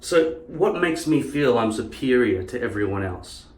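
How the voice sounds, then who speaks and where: A man's voice: mid-range voice, lively intonation, measured pace, a little mellow. A man ranting in a casual monologue, a profane and heated storyteller. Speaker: channel host. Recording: roomy, distant mic.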